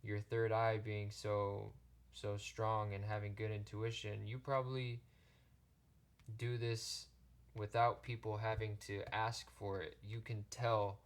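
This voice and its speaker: A man giving a pick-a-card tarot reading, talking in a gentle, halting way with many restarts. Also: fairly low pitch, little pitch movement. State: choked up, near tears. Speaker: tarot reader.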